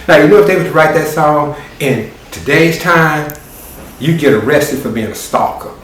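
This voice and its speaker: A man's voice: a little high, normal speed, a bit bright. Folksy male storyteller in an echoey room. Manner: folksy, conversational, colloquial. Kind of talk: animated oral storytelling. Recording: roomy, distant, faint hiss.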